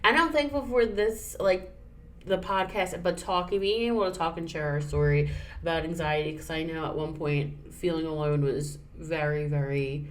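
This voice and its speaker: A woman's voice: deep voice, normal speed. A woman co-hosting a podcast in casual chat, emotional and supportive. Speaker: podcast co-host.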